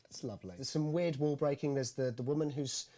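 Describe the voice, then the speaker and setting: A man hosting a casual film chat, talking in a relaxed, agreeable way. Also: mid-range voice, fairly quick. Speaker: host.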